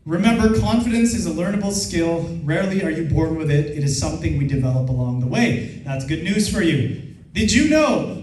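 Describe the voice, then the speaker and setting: A man from the Philippines whose first language is Filipino, giving an energetic motivational seminar talk. He laughs often and leads the crowd in call-and-response. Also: high-pitched. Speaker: seminar speaker and trainer. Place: large event hall with a live audience. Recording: echoey hall, voice far from the mic.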